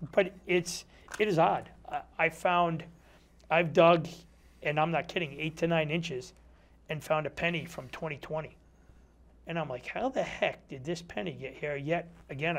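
A man who is a metal detectorist, a guest in a casual interview chat in a TV studio, telling stories, acting out dialogue and using many fillers. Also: on the high side. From Connecticut. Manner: storytelling, acts out quoted dialogue; chatty, many fillers like "you know". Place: community TV studio.

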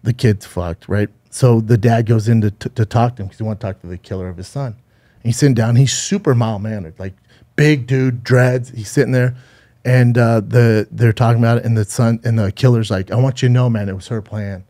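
A man's voice: mid-range voice, fairly quick, mellow. A man co-hosting a podcast, telling a true-crime story in a rambling, profane way with frequent restarts. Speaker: podcast co-host. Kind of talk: casual storytelling chat.

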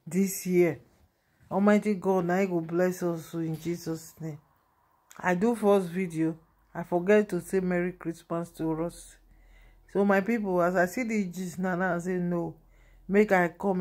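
A woman vlogger speaking Nigerian Pidgin English, chatting in a lively, gossipy way and laughing at the story. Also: lowish voice. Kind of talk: casual gossip vlog.

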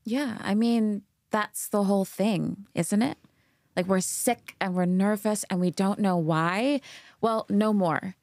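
An actress playing a salesy female wellness entrepreneur in a scripted comedy, pitching cheerfully and brushing off concerns. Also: slow pace, darkish tone, no room sound, clean studio sound. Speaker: wellness company founder guest.

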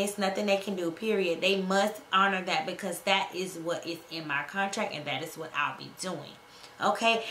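A woman's voice: medium pitch, fairly bright tone. A woman travel nurse giving casual advice to her viewers, sassy and emphatic, calling them girl and honey. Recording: echoey room with faint noise.

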